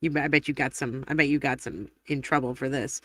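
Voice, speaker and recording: A chatty woman hosts a live stream, reading viewer comments aloud in a rambling way. Her voice is bright and forceful. The sound is dry and close, with no room echo. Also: a bass voice, fairly even intonation. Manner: chatty and rambling, quick laughs and self-corrections. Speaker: livestream host.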